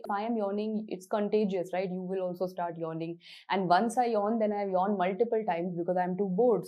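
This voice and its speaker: A young woman with an Indian English accent teaching a medical class. Her voice is mellow and warm, and she talks in a chatty way, drilling her points with repetition and tossing in Hindi words. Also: medium pitch. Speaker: medical lecturer. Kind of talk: exam-focused lecture with mnemonics.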